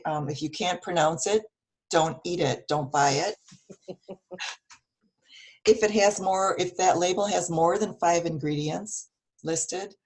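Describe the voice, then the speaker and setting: A woman with a low, gravelly, hoarse voice gives earnest wellness advice over a video call. She talks steadily with plenty of ums and uhs. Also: a little mellow. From Wisconsin, US. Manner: earnest, advice-giving, with many fillers. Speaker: guest speaker on wellness. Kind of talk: casual online meetup talk. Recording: video call audio with dropouts.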